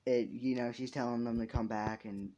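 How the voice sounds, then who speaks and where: A man's voice: mid-range voice, fairly even intonation, normal speed, warm tone, muffled recording. A young man casually making up a story as he goes, rambling, swearing often and laughing at his own jokes.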